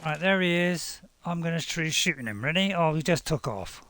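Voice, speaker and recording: A man's voice: a little high, animated, normal speed, fairly bright tone. A middle-aged man hosting a gaming video, chatting casually with his daughter as they play, rambling and poking fun at himself. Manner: rambling, self-deprecating, chuckling. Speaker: gaming channel host, playing with his daughter. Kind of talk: casual co-op gameplay chat.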